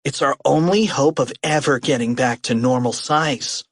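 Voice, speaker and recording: A man voicing a quick-thinking, bossy young schoolboy in a storybook, high and urgent. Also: no room sound, clean studio sound, natural voice. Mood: eager. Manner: high-pitched, urgent commands.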